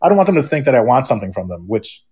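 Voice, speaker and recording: A man's voice: mid-range voice, big pitch swings, racing, mellow, dull audio. Rambling man in casual chat. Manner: rambling, many restarts and fillers. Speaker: podcast guest.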